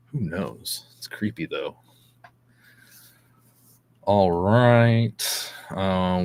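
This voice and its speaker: A man with a fairly low voice hosts a daily news show. He reads articles aloud and breaks into chatty, skeptical asides, sometimes tripping over unfamiliar names. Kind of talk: casual news commentary, reading articles aloud.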